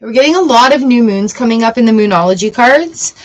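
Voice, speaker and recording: Woman, tarot reader, casual live-stream chat, blunt, swears freely, slightly high voice. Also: animated, fairly quick.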